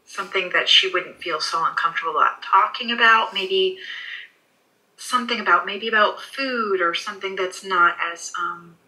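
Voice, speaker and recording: A woman working as a pet psychic in a session, soothing and reassuring, often halting with fillers. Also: medium pitch, pushed and bright, poor audio. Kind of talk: animal communication session.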